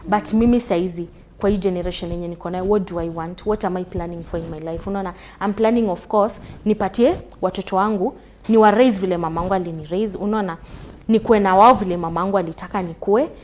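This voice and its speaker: A Kenyan woman hosting a talk show, chatting casually and switching between Swahili and English, often checking in with a quick question. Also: medium pitch, darkish tone. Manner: fast, tags sentences with "unaona?".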